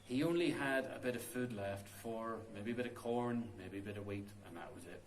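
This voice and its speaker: Inside a stone cave tomb, a storyteller tells a folk tale in a chatty, unscripted way, his medium-pitched voice running a little fast. The oral folk storytelling carries a roomy cave echo along with a little hiss or hum.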